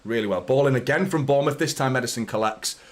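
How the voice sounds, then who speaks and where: A young man hosting a live football watchalong, chatting with viewers and reacting to the match with excitement and swearing. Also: medium pitch, fast, slight background noise.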